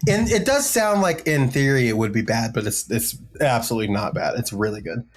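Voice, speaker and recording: A man co-hosting a podcast, chatting casually and excitedly, swearing freely and trailing into fillers. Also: mid-range voice, fairly quick. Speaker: podcast co-host. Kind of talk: casual chat about music.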